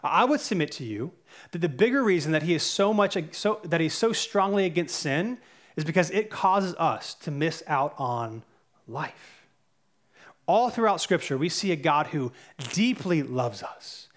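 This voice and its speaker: A man's voice: high voice, expressive, moderate pace. A man in his thirties preaching a sermon as pastor, earnest and conversational, with fillers and self-corrections.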